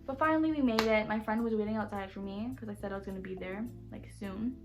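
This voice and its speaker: A young woman telling a casual storytime on her channel, animated and blunt, saying "like" and "literally" constantly. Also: mid-range voice, quick pace, music in the background. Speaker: YouTuber.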